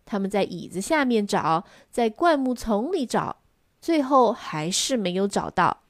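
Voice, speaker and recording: A woman reading a children's story aloud in two languages, expressive and lively. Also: medium pitch, unhurried, no room sound, studio quality.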